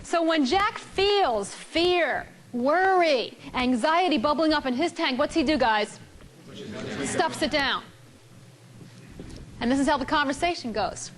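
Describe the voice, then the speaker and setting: A woman leading a live relationship seminar, telling a story with animated delivery and putting questions to the audience. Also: high voice, slow pace. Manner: animated storytelling, acting out both sides of a couple.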